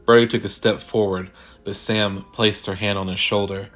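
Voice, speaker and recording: A man reading a sci-fi horror short story aloud in a measured, deliberate way. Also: on the low side, level tone, a bit bright, faint music behind. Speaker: narrator. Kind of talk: scripted horror story narration.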